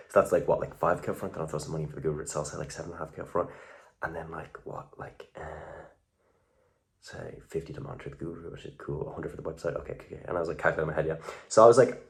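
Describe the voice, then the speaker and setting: A man's voice: low-pitched, racing. Young man rambling in a casual vlog. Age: young adult. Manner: rambling, profane, self-mocking. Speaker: vlogger.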